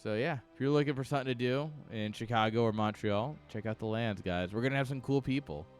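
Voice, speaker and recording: A man's voice: mid-range voice, fast talker, faint music behind. A man chatting casually on his livestream from home, tipsy, loose and profane, rambling from one tangent to the next. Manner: loose, rambling and profane, laughs between thoughts. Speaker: stream caster.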